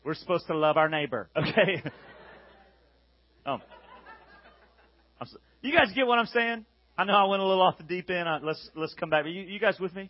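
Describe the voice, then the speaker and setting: A man in his thirties, a youth pastor giving a jokey, energetic sermon and playfully acting out the voices he quotes. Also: high voice, normal speed, pauses often, no room sound. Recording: dull lo-fi recording.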